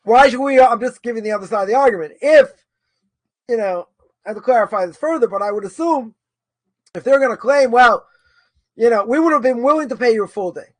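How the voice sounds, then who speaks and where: A man with a high voice gives an informal lecture on religious law. He thinks aloud, repeats himself and weighs both sides of a question. The sound is dry and close. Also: a little fast, no echo. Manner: thinking aloud, argues both sides, many repetitions and "right?". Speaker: Torah course teacher.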